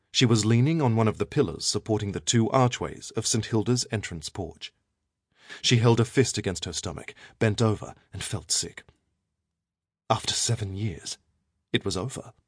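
A man narrating an audiobook in a measured, even storytelling manner. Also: on the low side, slightly rough, dry recording, studio quality.

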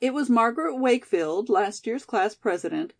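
A woman reading a novel aloud as an audiobook narrator, in a steady, even storytelling voice. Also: on the high side, normal speed, vocal fry. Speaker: audiobook reader. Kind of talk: scripted narration.

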